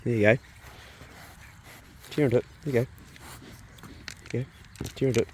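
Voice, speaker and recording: A man's voice: mid-range voice, fairly even intonation, normal speed, slight background noise. A man homesteading outdoors on his farm, chatting casually as he gardens and talks to his sheep and dogs. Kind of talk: casual outdoor vlog commentary. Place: outdoors on a rural farm paddock. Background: sheep and dogs nearby.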